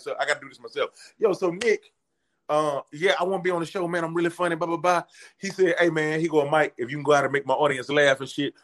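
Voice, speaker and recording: A man, telling a story in casual chat and acting out the voices in his quotes. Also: fairly high pitch. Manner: animated, acts out voices in quotes. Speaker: comedian guest telling a story.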